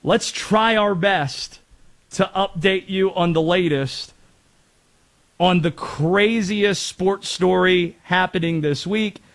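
This is a sports radio host from North Carolina, a man with a high voice who speaks slowly. He runs a casual sports talk show in a chatty style, wandering off into rambling asides.

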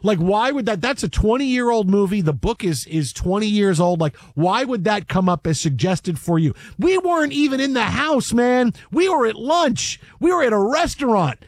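A man co-hosting a sports podcast, telling stories in an animated, rambling way. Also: high voice, moderate pace, hardly any pauses, no room sound, studio quality. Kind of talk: casual sports talk.

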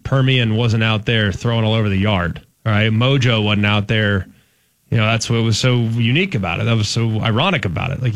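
A man's voice: on the low side, dry recording. A man from Dallas-Fort Worth, co-hosting a sports talk show and making emphatic, folksy points, often repeating phrases. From Dallas-Fort Worth, Texas. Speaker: sports radio co-host.

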